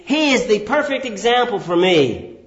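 A man preaches a sermon in a fairly high, lively voice, asking his listeners questions and answering them himself. He swings from raised, emphatic phrases to low, drawn-out words. The recording is echoey and dull, as if taken from a church hall.

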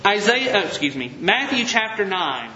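A man preaching a sermon to his congregation, reading scripture aloud with emphatic, drawn-out phrases and putting direct questions to the listeners. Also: sits high, big pitch swings, roomy sound, highs cut off, noisy background. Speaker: pastor. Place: church sanctuary.

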